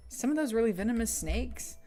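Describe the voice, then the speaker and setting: A woman's voice: on the high side, lively intonation, a little fast, warm tone, faint music behind. A young woman from the States, chatting casually and rambling through stories while she plays a game as a streamer. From southern United States. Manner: chatty, rambling storyteller with frequent fillers. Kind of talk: casual chat while gaming.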